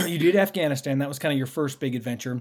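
Husky-voiced male podcast host. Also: on the high side, fast talker. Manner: relaxed, prompting questions. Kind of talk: casual interview.

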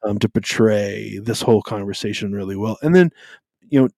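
A man's voice: on the low side, brisk, vocal fry, darkish tone, dry recording. A man co-hosting a podcast, talking casually about faith in a rambling way, with lots of fillers and self-interruptions. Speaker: podcast co-host.

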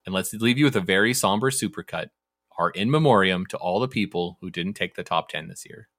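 A man's voice: low voice, fairly quick, a bit bright, dry recording, studio quality. A man hosting a podcast in casual chat, upbeat and thankful as he runs through the sign-offs. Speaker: podcast host.

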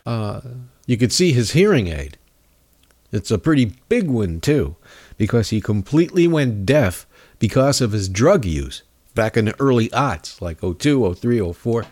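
A man's voice: fairly low pitch, very animated, a little slow, darkish tone. A man hosting a show, ranting sarcastically about politics, his voice stuffed up with a cold. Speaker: podcast host. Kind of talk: political commentary rant.

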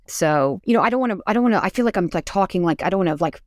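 A woman speaking in a hesitant, fairly monotone voice as an interview guest, restarting her sentences often. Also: mid-range voice, rapid-fire, few pauses, no room sound, studio quality. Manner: hesitant, many restarts and fillers. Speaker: guest analyst. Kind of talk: casual interview talk.

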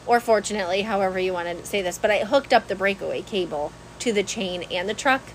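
Brief: woman co-host, New lilt, rambling animated storyteller, faint hiss behind. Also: mid-range voice, fast talker, low-quality recording. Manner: animated, laughs often, rambling with restarts. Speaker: podcast co-host. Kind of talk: casual storytelling chat.

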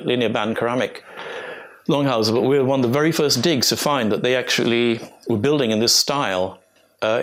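Older man giving a rambling talk. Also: medium pitch. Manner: rambling, anecdotal, with restarts and chuckles. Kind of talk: illustrated talk to an audience.

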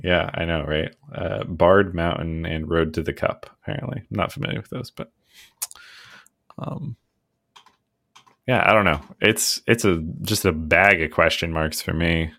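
Laid-back podcast guy, really low voice, gravelly fry, chuckles a lot. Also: unhurried, dry recording. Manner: relaxed, chuckling, trails off with fillers. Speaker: podcast co-host. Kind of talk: casual chat.

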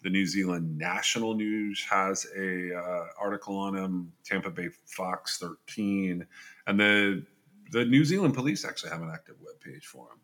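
A man's voice: low-pitched, moderate pace, a bit bright. A man hosting a true-crime podcast, reading case details aloud and adding his own casual asides. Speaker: podcast host.

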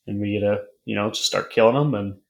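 A man's voice: fairly low pitch, fast, gravelly. A man co-hosting a podcast in casual chat, recapping loosely with fillers and casual swearing. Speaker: podcast co-host.

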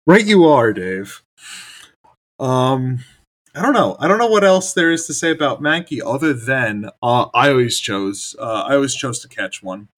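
Rambling and laughing frequently, this podcast co-host chats casually in a medium-pitched, slightly bright voice at a moderate pace.

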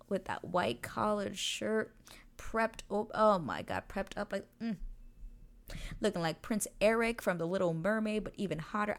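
Excitable woman gushing over a show. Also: lowish voice. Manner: gushing, excitable, swears freely. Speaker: TV episode recap host. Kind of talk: casual scene-by-scene recap.

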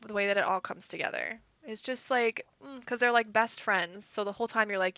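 A woman co-hosting a book podcast, chatting in a bubbly, teasing way with quick asides. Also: medium pitch, sharp tone, no echo. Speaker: podcast co-host. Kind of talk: casual chat.

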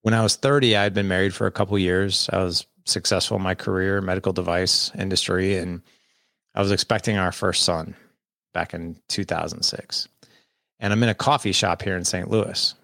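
A man's voice: low-pitched, steady tone, normal speed, creaky, a bit bright, no echo, clean studio sound. A man, candidly telling a personal story as a podcast guest and acting out the dialogue. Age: 40s. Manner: candid, conversational, quotes people in dialogue.

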